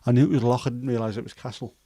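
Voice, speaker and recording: A man in his fifties with a Scouse accent and a hoarse throat, hosting a casual chat livestream in a rambling, jokey way with many fillers. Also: mid-range voice, fairly even intonation, rapid-fire, mellow, no room sound. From Liverpool, England. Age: 50s. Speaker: livestream host.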